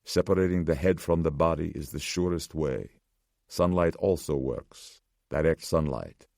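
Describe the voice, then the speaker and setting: A somber old survivor speaks in a measured, ominous tone, voiced by a man. The voice sits extremely low with a gravelly rasp. It is dry and close to the mic. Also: a little mellow, dry recording, full character voice.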